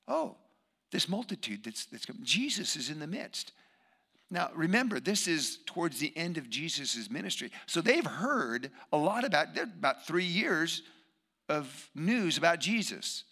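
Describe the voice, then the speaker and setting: A man preaching a sermon, emphatic, swinging between loud bursts and hushed asides. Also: on the high side, big pitch swings, moderate pace, breathy edge.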